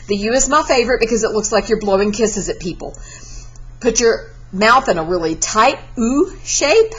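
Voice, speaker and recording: A woman's voice: fairly high pitch, animated, normal speed, husky, rough recording. A Spanish teacher. She gives a recorded class lesson in a chatty, encouraging way and breaks into sung verses.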